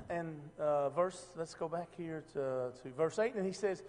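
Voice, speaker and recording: High-voiced man teaching scripture casually. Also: expressive, unhurried, darkish tone, big-room sound. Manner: conversational, asks the room questions, many restarts. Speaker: preacher.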